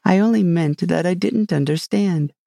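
A man's voice: sits high, moderate pace, creaky, dark tone, no echo, studio quality, pitched above the performer's own voice. A man voicing a curious, polite young girl in a storybook reading, raising his voice. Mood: eager. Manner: eager, polite.

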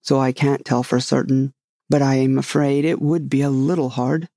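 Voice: medium pitch, little pitch movement, normal speed, dark tone, dry recording, clean studio sound, close to an everyday voice. A reader doing a grave, rambling inventor knight. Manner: grave, earnest, meandering. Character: rambling, solemn inventor knight, middle-aged man.

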